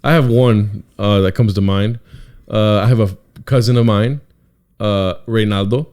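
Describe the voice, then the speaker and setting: A man's voice: on the low side, measured pace, clear, resonant tone. A man co-hosting a podcast in casual chat, telling stories with acted-out quotes and frequent laughter. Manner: animated storyteller, acts out quotes, laughs often. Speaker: podcast co-host.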